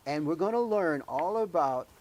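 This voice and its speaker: A man hosting a children's show, gently quizzing young guests and leading sing-alongs. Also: a little high, expressive. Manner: slow, gentle, quizzing kids. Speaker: host. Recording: music behind voice.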